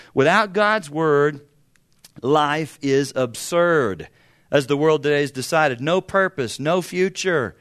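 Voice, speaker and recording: A man's voice: a little high, moderate pace, fairly bright tone, clear, resonant tone. A man in his fifties preaching a sermon as pastor, talking in a conversational, humorous way with sudden bursts of emphasis. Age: 50s.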